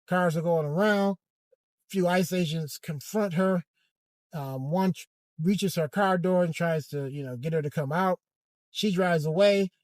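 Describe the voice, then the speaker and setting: A man giving a hesitant, halting commentary monologue from inside a car, with frequent restarts. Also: a little high, a little mellow, no room sound. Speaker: vlogger.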